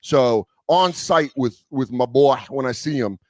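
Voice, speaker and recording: A man's voice: mid-range voice, unhurried, no echo. A man chatting on a studio mic in a dry, close sound, spinning stories with lots of energy. He swears casually and jumps into quoted voices as he goes, an easygoing comedian on a talk show. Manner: animated storyteller who acts out quoted voices, swears freely. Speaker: comedian guest. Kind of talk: casual storytelling chat.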